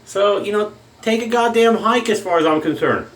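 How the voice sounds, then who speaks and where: A man's voice: high-pitched, normal speed, fairly bright tone. A man delivering a heated, profane rant in a shaving vlog. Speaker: shaving vlogger. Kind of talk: angry political rant. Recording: echoey room.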